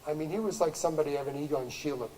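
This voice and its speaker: Older guy telling stories at a gallery talk, kinda high voice, lots of um and you know, big echoey hall. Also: rapid-fire. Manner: rambling, many restarts and fillers, laughs often. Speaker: artist giving a talk. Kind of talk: storytelling talk to an audience.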